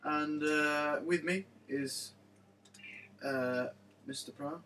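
Bright jokey male podcast host. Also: on the high side, steady tone, very slow. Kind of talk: casual chat. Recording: distant mic, faint background noise.

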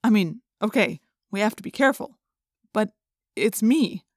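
A woman's voice: medium pitch, expressive, moderate pace, no echo, studio quality, lightly acted. A woman voicing a teenage boy controlled by a parasite who insists he is fine, in an insistent, pleading manner. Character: teen boy possessed by a parasite, faking innocence. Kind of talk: audiobook character reading.

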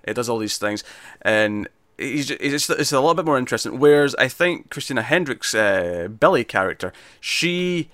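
A man talks through a film in relaxed conversation, stumbling and restarting as he goes. His voice is bright and forward, recorded close and dry with no room around it. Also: medium pitch, normal speed, no echo. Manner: hesitant, with frequent restarts and fillers. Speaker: film reviewer. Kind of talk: casual film discussion.

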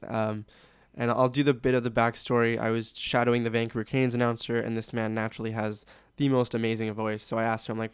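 A man's voice: mid-range voice, a little mellow, smooth, no room sound, studio quality. A young man from Canada, a sports announcer guest, chatting candidly and laughing easily. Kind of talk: casual interview chat.

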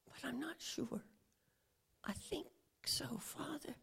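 A woman voicing Jesus as the Son, a tender but fierce man who moves from a hushed whisper to shouting. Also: sits high, slow pace, vocal fry, pitched above the performer's own voice, full character voice.

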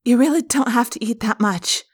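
A woman's voice: on the high side, moderate pace, husky, voice pushed up. Woman playing a jittery teen girl, hesitant and anxious; audiobook scene. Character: nervous teenage girl covering for a friend. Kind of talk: fan audiobook reading.

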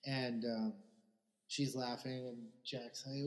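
A man's voice: mid-range voice, a little slow, in a large hall. A man co-hosting a podcast, retelling a sitcom episode in casual chat and acting out the characters' lines. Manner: rambling retelling with acted-out quotes. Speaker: podcast co-host.

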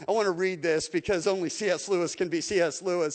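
A man's voice: high-pitched, fairly even intonation, quick pace, hardly any pauses. Earnest male pastor, ringing church reverb. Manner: earnest, building to a passionate appeal. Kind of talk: sermon with storybook reading. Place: church sanctuary. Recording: long reverb of a church hall.

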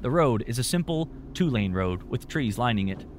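Male narrator, mid-pitched, steady storytelling, slight background noise. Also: moderate pace.

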